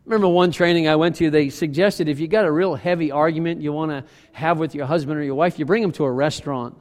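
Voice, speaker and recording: High-voiced male preacher in a reverberant church. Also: fast. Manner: conversational, animated preaching with acted-out quotes. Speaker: worship leader preaching. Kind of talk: sermon. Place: church sanctuary.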